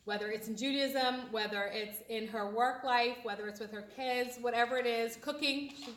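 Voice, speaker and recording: A woman's voice: a little high, fairly even intonation, moderate pace, background noise. A woman introducing a comedian at an event, praising her with loose, chatty phrasing and fillers. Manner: warm praise with fillers and restarts. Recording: echoey room from far off.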